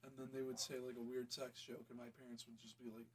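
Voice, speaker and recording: A man's voice: mid-range voice, flat delivery, fast, rough recording. A young man co-hosting a podcast, rambling in casual chat with lots of fillers and swearing. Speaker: podcast co-host.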